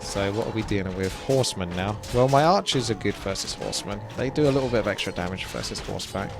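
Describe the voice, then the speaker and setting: A man's voice: lowish voice, lively intonation, quick pace. A young man with a chatty manner, explaining strategy as he plays and commentates on a strategy game. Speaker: gameplay commentator. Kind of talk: casual gameplay commentary. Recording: game music underneath.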